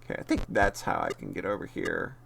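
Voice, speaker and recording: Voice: low-pitched, brisk, creaky, fairly bright tone, slight background noise. A streamer chatting casually and jokingly over gameplay, laughing often and swearing now and then.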